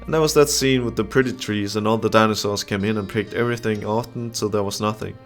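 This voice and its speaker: A man reads out a friendly, hopeful boy from a visual novel, chatty and upbeat, in a low voice. Faint game music plays behind him. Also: steady tone, quick pace, natural voice. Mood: cheerful.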